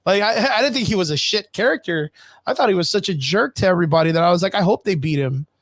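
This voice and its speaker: A man's voice: sits high, quick pace, dry recording. Rambling, cursing man on a podcast. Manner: rambling, profane, animated fan rant. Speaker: podcast co-host. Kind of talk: casual chat.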